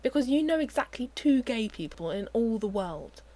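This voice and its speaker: A woman voicing an easygoing young man who teases and gets flustered, his lines pitched a little higher than her narration. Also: very animated, normal speed, mellow. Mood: wry.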